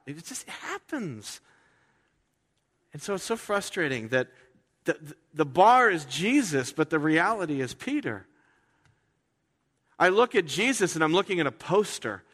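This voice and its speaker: A man preaching a sermon as pastor, talking in a conversational way and acting out quoted voices with sudden jumps in pitch. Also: sing-song, moderate pace, bright, forceful tone. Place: church sanctuary. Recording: reverberant hall.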